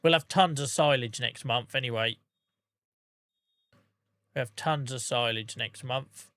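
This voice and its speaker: A man chatting casually on a gaming livestream, calling viewers by name and humming little tunes between remarks. His voice is bright and forward, and it sounds dry and close. He sounds relaxed. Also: mid-range voice, measured pace, no room sound. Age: adult with a day job. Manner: chatty, talks to viewers by name, hums to himself. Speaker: streamer.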